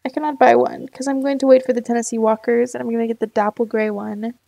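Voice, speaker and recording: Young woman, gaming chat, indecisive, mellow gravelly voice, slightly high. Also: flat delivery, fast, no echo. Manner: rambling, indecisive, talks to herself. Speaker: gaming YouTuber. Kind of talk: casual let's-play chat.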